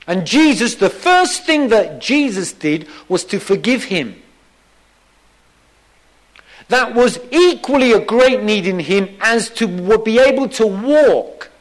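Slow, lively high-voiced male preacher. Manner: emphatic, repeats key phrases for weight; acts out quoted lines in a softer, lower voice. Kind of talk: sermon.

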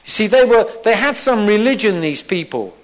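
A man's voice: big pitch swings, moderate pace. A man preaching a sermon, emphatic and repeating key phrases for weight. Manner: acts out quoted lines in a softer, lower voice.

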